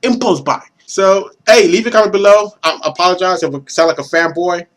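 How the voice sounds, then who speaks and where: A man's voice: high-pitched, brisk. Young guy vlogging about consoles, all worked up, cussing, keeps restarting sentences. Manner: animated, swearing, stumbling restarts. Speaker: gaming vlogger. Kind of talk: excited rant to camera.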